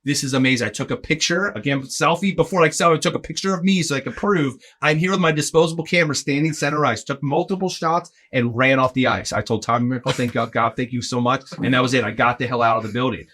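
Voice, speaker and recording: A bright, forceful man's voice, middle-aged, spinning a story for a podcast host. He jumps into the voices of the people in his tale and keeps checking in with "right?" as he goes. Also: medium pitch, fast talker, few pauses. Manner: animated, acts out quoted voices, lots of "like" and "right?". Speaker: podcast guest, arena in-game host. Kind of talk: casual anecdote telling.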